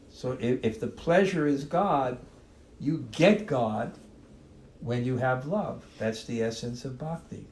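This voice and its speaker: Slow-speaking male spiritual teacher, echoey room. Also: medium pitch, a little mellow, a little hiss or hum. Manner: unhurried, repeats and restarts words, chuckles now and then. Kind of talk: devotional talk on a live stream.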